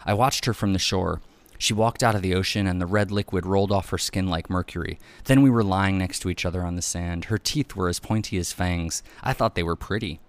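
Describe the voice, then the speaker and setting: A man narrating a first-person memoir as an audiobook reader, in a measured, even storytelling manner. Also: deep voice, dry recording.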